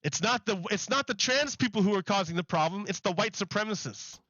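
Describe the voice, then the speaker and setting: A man's voice: high-pitched, animated, a little fast, bright, forceful tone, dry recording, dull audio. A man chatting casually on a livestream while gaming, rambling and filling his talk with "like". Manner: rambling, heavy use of "like".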